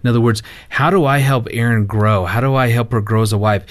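A man in a casual conversation, telling a family story in an animated way and acting out the quoted lines. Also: mid-range voice, brisk, no echo. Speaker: marriage counselor and guest.

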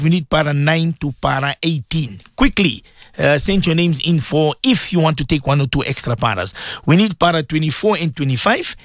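A man hosting a live radio show, talking earnestly to his listeners, repeating himself and breaking into animated quoted voices. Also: a little high, no echo, clean studio sound. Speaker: radio show host and religious teacher.

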